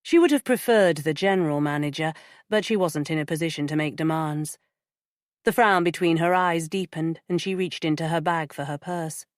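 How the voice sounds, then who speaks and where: With a deep voice, a woman reads an audiobook script, her storytelling measured and even. The recording is clean studio sound with no room sound.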